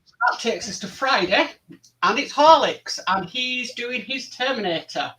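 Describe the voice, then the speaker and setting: A man's voice: very high-pitched, expressive, unhurried, bright, forceful tone, recorded from a distance, low-quality recording. A man hosting a casual model-building live stream, rambling and friendly with many fillers. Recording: voice somewhat off-mic.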